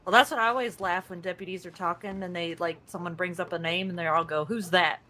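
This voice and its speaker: A woman with a bright, forward voice shares stories in a casual roleplay chat. She keeps talking through her own laughter. A faint hiss runs underneath. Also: fairly low pitch, steady tone, fast. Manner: chatty, storytelling, laughs while talking.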